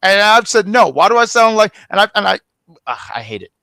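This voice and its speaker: Gravelly rambling man co-hosting a review. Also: sits high, brisk, no echo. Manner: rambling, animated, stumbling restarts. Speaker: wrestling review podcast co-host. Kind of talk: casual chat.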